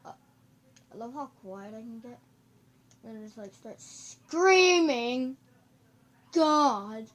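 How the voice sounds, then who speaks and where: A goofy, excitable gameplay commentator who breaks into sudden loud outbursts, recorded on a camera microphone. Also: medium pitch, moderate pace, long pauses, breathy edge. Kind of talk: casual let's-play commentary.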